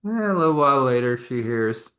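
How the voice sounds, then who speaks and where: A man's voice: mid-range voice, animated, a little fast, fairly bright tone. A man narrating an improvised story in a casual, rambling way, full of chatty asides.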